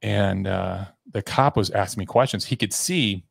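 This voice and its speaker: A man's voice: on the low side, normal speed, gravelly, dry recording, studio quality. A man from Tennessee, a podcast guest, telling a candid personal story in a rambling way, with fillers and restarts, acting out the lines of the people in it.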